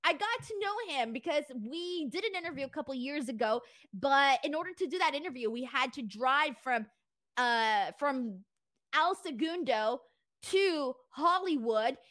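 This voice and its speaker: A woman's voice: sits high, animated, measured pace, a bit bright, no room sound, clean studio sound. A young woman hosting a wrestling talk show, chatting casually with lots of fillers and reading a sponsor spot in an upbeat way. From Southern California.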